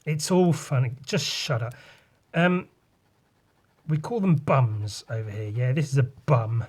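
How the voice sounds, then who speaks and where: A man's voice: medium pitch, a little slow, slightly rough. Young english guy ranting on his podcast, sarcastic, swears a lot, drawing as he talks. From England. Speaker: podcast host, artist. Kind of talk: solo podcast rant.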